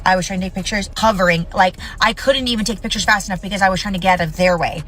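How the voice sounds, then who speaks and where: A woman in her thirties speaks straight to camera in an indignant, emotional rant. She is blunt and swears freely, and her voice sits at an ordinary middle pitch. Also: rapid-fire, a bit bright. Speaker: mother sharing her story.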